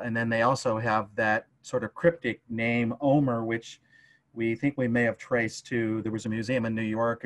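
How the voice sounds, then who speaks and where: A man, a museum curator, speaking hesitantly with many filler sounds in a casual livestream discussion. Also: fairly low pitch.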